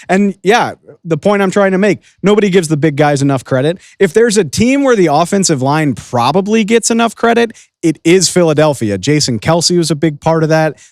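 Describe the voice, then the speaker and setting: A man's voice: on the high side, dry recording, studio quality. A man hosting a sports podcast, giving enthusiastic, opinionated casual commentary.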